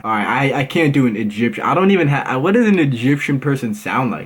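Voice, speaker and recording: A man's voice: a little high, very animated, moderate pace, husky. Young male vlogger, slangy, rambling, chatty. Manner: slangy, laughing often, rambling. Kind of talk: casual vlog chat.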